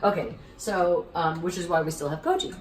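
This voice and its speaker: A woman's voice: on the low side, a little fast. Middle-aged female host, theatrical storyteller, roomy distant sound. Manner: acts out voices in her anecdote, lively and theatrical. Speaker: cooking show host. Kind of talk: animated storytelling. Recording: echoey room, voice a bit off-mic.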